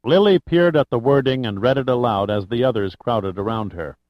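A man's voice: moderate pace, no echo. Man narrating a novel, mid voice, dry lo-fi sound. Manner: even, drops low on tag lines. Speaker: audiobook narrator. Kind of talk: scripted narration. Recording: dull lo-fi recording.

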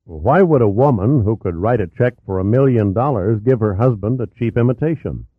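A weary middle-aged coroner, as a male narrator reads him talks softly and patiently. His voice is low, dry and close. The sound is tinny and narrow. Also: animated, normal speed, husky, dry recording. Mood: measured. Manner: soft, explanatory. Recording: tinny narrow-band audio.

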